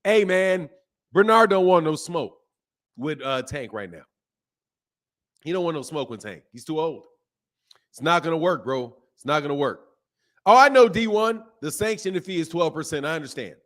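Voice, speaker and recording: A man's voice: a little high, normal speed, pauses often. A man hosting a casual live stream about boxing, talking in slang and reacting to chat comments. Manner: animated, slangy, reads chat comments aloud. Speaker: boxing channel host.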